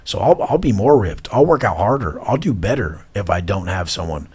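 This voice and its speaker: Casual podcast guest: husky, blunt man who curses constantly and talks with intensity. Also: lowish voice, very animated, brisk, darkish tone. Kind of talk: casual chat.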